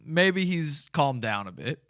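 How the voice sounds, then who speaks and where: A man's voice: fairly high pitch, big pitch swings, slow, fairly bright tone, dry recording, clean studio sound. A man hosting a podcast, giving mocking, sarcastic commentary on a video and describing it for listeners. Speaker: podcast host.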